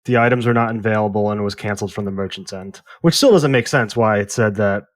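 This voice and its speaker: A man co-hosting a movie podcast, telling an exasperated story in casual, animated chat with some swearing. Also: lowish voice, fast, dry recording, studio quality. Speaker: podcast co-host.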